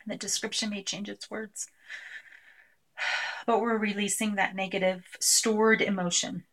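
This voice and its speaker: A woman presenting a live workshop, talking through a technique with many pauses and fillers. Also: medium pitch, flat delivery, fairly bright tone. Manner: hesitant, filler-heavy, demonstrates by voicing a client. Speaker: clinician presenting a tapping technique.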